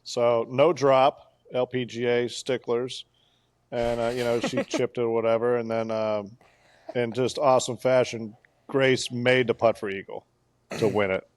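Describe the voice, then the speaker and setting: A man co-hosting a casual golf podcast, telling a play-by-play story with animated bursts of excitement. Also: medium pitch, unhurried. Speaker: podcast co-host.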